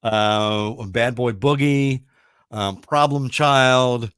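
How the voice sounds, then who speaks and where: A man's voice: mid-range voice, extremely slow, a bit bright, smooth, no room sound, clean studio sound. A middle-aged man hosting a radio talk show, chatting casually and rambling with enthusiasm, full of fillers and restarts. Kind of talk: casual chat.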